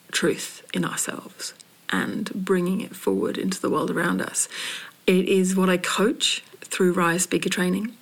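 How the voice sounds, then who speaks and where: A woman from Britain, a spoken word poet and coach, hosting a podcast in a slow, searching monologue with restarts and soft breathy passages. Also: lowish voice. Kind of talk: reflective solo podcast monologue.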